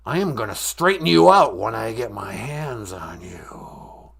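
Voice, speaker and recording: A man doing a comedic impression of an angry celebrity caller who makes slow, drawn-out threats. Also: lowish voice, very animated, vocal fry, crowd noise, pitched below the performer's own voice, exaggerated voice. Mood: threatening. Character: blustering angry movie-star man caller.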